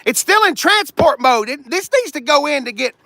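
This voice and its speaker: A man's voice: very high-pitched, sing-song, normal speed, gravelly, sharp tone, dry recording. A middle-aged man joking and teasing as he shows cars around a car lot. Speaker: car dealership vlogger. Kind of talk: casual walkaround chat.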